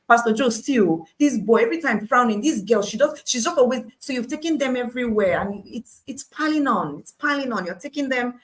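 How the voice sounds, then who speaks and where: A woman giving a devotional Bible teaching on a live stream, emphatic and repetitive, with frequent laughs and lively asides. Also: on the high side, a little fast, few pauses.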